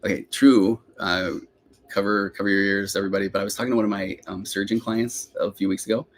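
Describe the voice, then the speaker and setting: A man's voice: fairly low pitch, little pitch movement, fast. A middle-aged man, a therapist hosting a live question-and-answer podcast, talking in a rambling, chatty way that often breaks off and restarts. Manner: rambling, self-interrupting, chatty.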